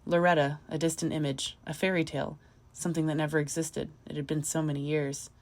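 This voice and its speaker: A woman narrating a short story audiobook in a measured, even manner. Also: deep voice.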